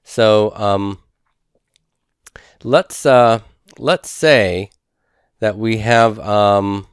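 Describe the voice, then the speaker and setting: A man with a fairly low voice teaches a recorded lesson. He works through each point methodically and repeats key words slowly. The sound is dry and close, with no room echo. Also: clear, resonant tone. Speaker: Hebrew instructor. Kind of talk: recorded lecture over handouts.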